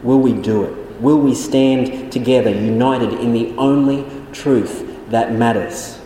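A man's voice: medium pitch, slow pace, dark tone, slight background noise. An Australian man preaching a sermon as pastor, earnest and questioning, often repeating his key phrases. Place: church hall. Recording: echoey hall with long reverb.

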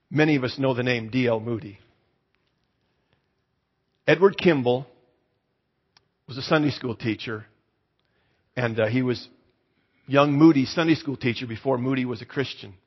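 A man's voice: medium pitch, breathy edge. A man preaching a storytelling sermon in a conversational way, asking the congregation to raise their hands. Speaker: pastor. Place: church hall. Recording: echoey hall, slightly dull sound.

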